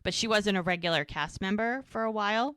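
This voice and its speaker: A woman's voice: medium pitch, fairly quick, a bit bright, smooth, no echo, clean studio sound. A woman co-hosting a podcast, casually retelling a TV episode scene by scene in a run-on storytelling way. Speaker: podcast co-host.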